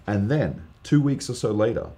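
A man, a guest preacher, telling an earnest, animated testimony story in casual podcast chat, with lots of fillers. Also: lowish voice, moderate pace.

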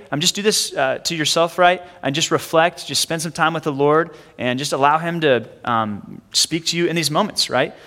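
A man in his thirties preaching a sermon as a pastor, casual and conversational, with frequent fillers and quick asides. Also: a little high, pushed and bright. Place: church sanctuary. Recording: long hall reverb.

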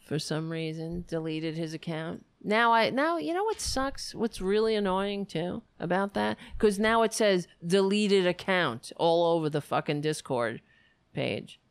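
A woman's voice: fairly low pitch, expressive, measured pace, clear, resonant tone, dry recording. A woman hosting a livestream, rambling and venting affectionately to her viewers as she signs off. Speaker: livestream host. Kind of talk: casual stream sign-off chat.

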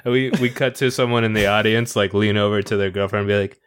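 A man's voice: fairly low pitch, steady tone, quick pace, clean tone. Laughing man retelling a movie. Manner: laughs often, retells scenes loosely. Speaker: podcast co-host. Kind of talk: casual chat.

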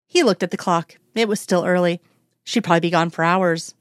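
A woman narrating a story aloud in a steady, measured reading. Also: lowish voice, no room sound. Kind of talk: audiobook-style story reading.

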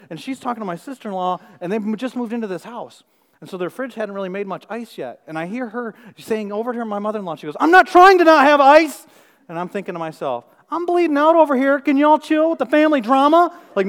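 A man in his thirties preaches at a rapid clip, his voice sitting a little high. He tells his story with animated, self-mocking humor, acting out the quotes. A long reverb trails his words through a large hall. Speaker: pastor. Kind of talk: storytelling sermon.

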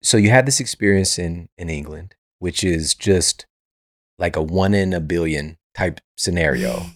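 A man's voice: sits low, measured pace, no echo, clean studio sound. A man hosting a podcast interview, asking long, eager, rambling questions full of fillers. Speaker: podcast host. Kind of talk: casual interview chat.

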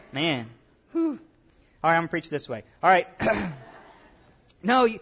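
High-voiced preacher. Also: male voice, sing-song, slow pace, long pauses, a bit bright, breathy edge. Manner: conversational preaching, rhetorical questions, acts out quotes. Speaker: pastor. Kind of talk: sermon.

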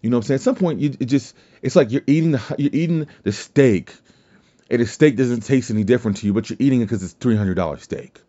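A man's voice: mid-range voice, fast, dark tone, lo-fi sound. A man with a Southern US drawl hosting a podcast, talking casually and rambling with self-corrections. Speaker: podcast host. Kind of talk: casual solo podcast talk.

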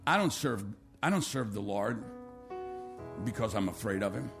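A male pastor preaching a sermon, swinging between loud, rising calls and quiet, low appeals, acting out quotes and leading an altar call. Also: expressive, normal speed, creaky, faint music behind.

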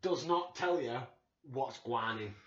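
A man with a Yorkshire accent co-hosting a podcast, talking in an animated, excitable way and swearing freely. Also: medium pitch, slow. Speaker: podcast co-host. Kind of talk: casual chat. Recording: echoey room, dull lo-fi sound.

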